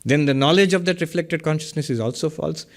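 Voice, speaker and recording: A middle-aged man delivers a philosophy lecture on Vedanta. He speaks in a slightly higher register for a man and works through ideas with questions and examples, chuckling at his own jokes. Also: fairly quick. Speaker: Vedanta teacher.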